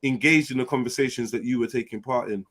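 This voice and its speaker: A man hosting a live online panel, insistent, cutting in, and stressing words slowly. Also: medium pitch, a bit bright. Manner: insistent, interrupts, slow deliberate emphasis. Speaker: panel host. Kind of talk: heated casual debate.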